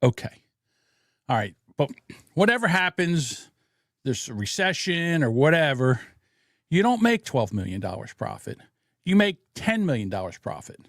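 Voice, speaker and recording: Profane, animated man hosting a podcast. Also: a little high, moderate pace, no echo, studio quality. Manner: blunt, profane, animated storytelling. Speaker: podcast host. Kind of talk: casual political podcast commentary.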